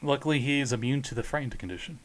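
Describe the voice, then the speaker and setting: A man's voice: medium pitch, rapid-fire. A man running a tabletop game as game master, casual and joking as he narrates and answers rules questions. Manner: joking, casual, pop-culture references.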